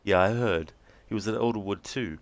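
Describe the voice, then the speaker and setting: A man voicing a gruff, impatient federal agent who talks bluntly and pushily, reading a game transcript aloud. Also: on the low side, normal speed, dry recording, close to an everyday voice. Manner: blunt, pushy, swearing.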